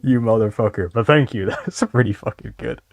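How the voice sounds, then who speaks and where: A man's voice: mid-range voice, gravelly, no echo, phone-quality sound. A man streaming a casual reaction show, swearing freely and laughing often as he mocks what he watches. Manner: crude, laughs often, mocking.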